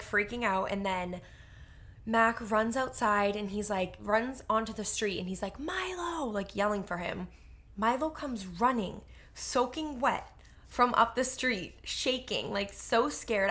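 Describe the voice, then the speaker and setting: A young woman co-hosting a podcast speaks unhurriedly in a mid-range voice. She tells stories with animation in casual chat, heavy on "like" fillers.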